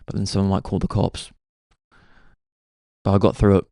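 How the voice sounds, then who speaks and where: A man's voice: deep voice, level tone, brisk, pauses often, mellow, no echo, studio quality. A young man, hosting a podcast and musing through a laid-back, self-mocking comic monologue. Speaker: podcast host.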